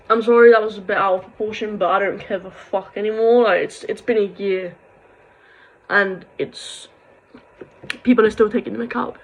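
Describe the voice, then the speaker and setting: Young woman vlogger, husky and gravelly, rambling and raw. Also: mid-range voice, steady tone, normal speed, poor audio. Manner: rambling, heartfelt, swings into angry ranting. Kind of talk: emotional confessional vlog.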